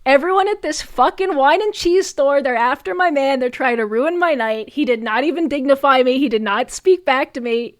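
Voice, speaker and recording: A young adult woman streamer telling a story in casual chat, animated, swearing often and laughing between lines. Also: sits high, normal speed, hardly any pauses, dry recording, studio quality.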